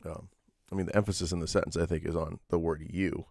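A man's voice: deep voice, level tone, fast talker, vocal fry, darkish tone, no room sound, studio quality. A man preaching a sermon, earnest and explanatory, often restarting his sentences with fillers. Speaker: pastor.

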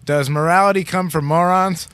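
A man hosting an uncensored radio show, joking and asking silly questions in a deadpan, profane way. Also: high-pitched, normal speed, no echo. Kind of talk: casual joking banter.

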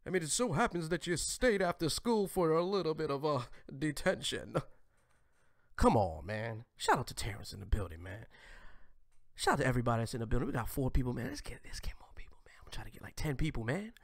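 Gravelly, animated male live-streamer. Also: mid-range voice, a little fast. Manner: crude, preachy, swings between shouting and whispering.

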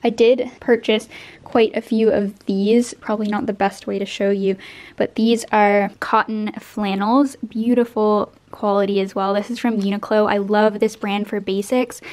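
A woman's voice: medium pitch, darkish tone. A young woman from Canada, chatting casually to camera at home and gushing over new clothes in a vlog. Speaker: vlogger.

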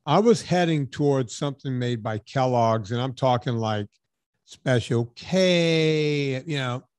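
A middle-aged man chatting on his podcast, talking his way through a thought with lots of restarts and fillers. His voice sits at an ordinary male pitch. The sound is dry and close, with no room around it. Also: normal speed, darkish tone, no echo. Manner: rambling, thinks aloud with restarts and fillers. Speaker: podcast host. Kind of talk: casual chat.

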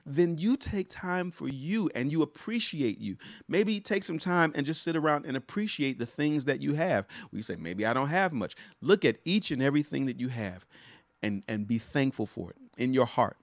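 A man, a pastor and life coach, talks to his online viewers in a loose, chatty way. He stumbles over repeated words and stops to greet people by name. His voice is mid-pitched, and the sound is dry and close. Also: animated, moderate pace, no room sound. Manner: warm, chatty, repeats words and restarts often. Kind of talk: casual live-stream coaching talk.

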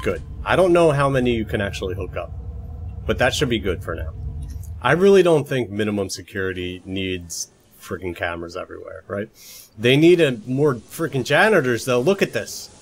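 A man's voice: fairly low pitch, big pitch swings, moderate pace, a little hiss or hum. A man doing live gameplay commentary at home, chatty and muttering to himself, now and then bursting into playful shrieks. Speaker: video game live streamer. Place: home room, roommate asleep nearby.

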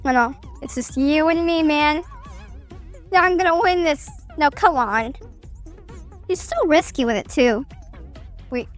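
Young woman gaming streamer, high bright voice, chatty and excitable, with faint game music behind her. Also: unhurried, long pauses. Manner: chatty, excitable, self-mocking. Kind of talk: casual gameplay commentary.

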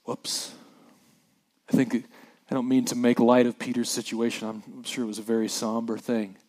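A man preaching a sermon as a pastor, reading scripture with lively acted-out voices and dropping quiet for the somber parts. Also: medium pitch, brisk. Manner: animated preacher who acts out scripture voices, dropping soft for somber moments.

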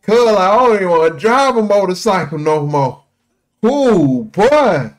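A man hosting a movie reaction, excitable and full of slang, laughing along. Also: high voice, brisk. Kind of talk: casual reaction commentary.

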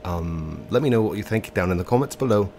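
A man's voice: low voice, lively intonation, a little fast, darkish tone, slight background noise. A man with a stuffy, congested nose, commentating a video game in a put-on English accent and hesitating with ums and self-corrections. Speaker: let's play host.

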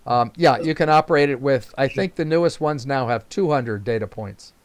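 A man's voice: medium pitch, normal speed, clear, resonant tone, no room sound. An older man, a retired teacher, telling casual rambling anecdotes at a club meeting, chuckling and using fillers. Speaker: invited speaker.

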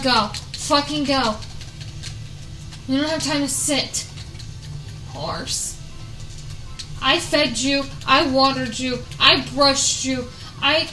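A frustrated woman playing a video game, her voice high and bright as she curses at it and snaps into yells. She talks at an unhurried pace, in a roomy, echoey space with faint music behind her. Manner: frustrated, swearing, yelling at the game. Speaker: gaming YouTuber. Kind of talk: casual let's play commentary.

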